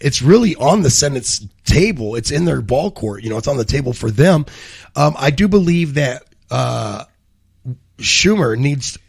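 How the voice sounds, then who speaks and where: Casual male co-host, gravelly voice, wanders off track and swears freely. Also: medium pitch, lively intonation, unhurried. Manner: rambling, profane, self-correcting. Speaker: co-host of a live cannabis news show. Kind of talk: casual live show banter and news commentary.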